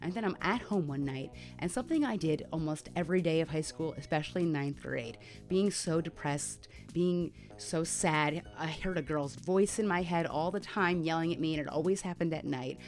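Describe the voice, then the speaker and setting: A woman's voice: deep voice, normal speed, few pauses, faint music behind. Candid woman telling a personal story. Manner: candid, conversational, with many fillers. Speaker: mental health vlogger.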